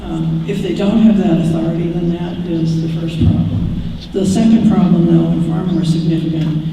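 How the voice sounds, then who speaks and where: Male advisor at a town meeting, patient explainer, slightly high pitch, roomy distant hall sound. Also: flat delivery, normal speed, mellow, slight background noise. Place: large echoey town hall. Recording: echoey hall from far off.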